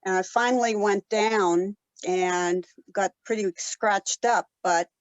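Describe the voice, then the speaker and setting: A woman in her seventies from Colorado, telling stories in a casual interview with many pauses and fillers. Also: mid-range voice, steady tone, dry recording, highs cut off. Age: 70s. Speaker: guest, ultrarunner.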